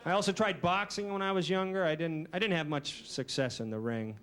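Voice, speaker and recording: A man doing a stand-up comedy routine with a dry, deadpan, self-deprecating delivery. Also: sits high, brisk. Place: comedy stage before a live audience. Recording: noisy early 1990s VHS recording.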